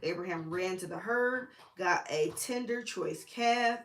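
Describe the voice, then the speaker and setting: A woman's voice: lowish voice, measured pace, slight background noise. A woman hosting a casual Bible study, who talks in a chatty, informal way with slang and side remarks. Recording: echoey room.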